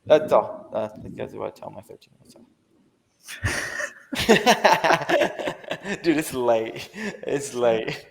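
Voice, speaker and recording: Young male podcast guest, gravelly fry in the voice, rambling and slangy, plenty of fillers and swearing. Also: medium pitch, big pitch swings, drawn-out words, long pauses, slight background noise. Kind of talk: casual podcast chat.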